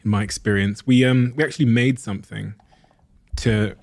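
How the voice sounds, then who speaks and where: A man's voice: fairly low pitch, fairly even intonation, moderate pace, vocal fry, a little mellow, no room sound. A man hosting a podcast, asking his guest questions in an encouraging, conversational way. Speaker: podcast host. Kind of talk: interview conversation.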